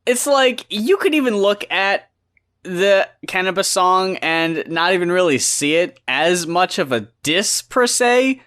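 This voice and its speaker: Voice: medium pitch, lively intonation, a little slow, a bit bright. A co-host in a casual podcast chat, dry and sarcastic, swearing freely.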